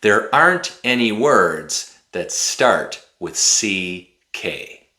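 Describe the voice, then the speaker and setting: Male teacher for a pronunciation lesson, lively pitch, roomy sound. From United States. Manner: slow, carefully articulated, demonstrative. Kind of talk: slow, clear pronunciation lesson.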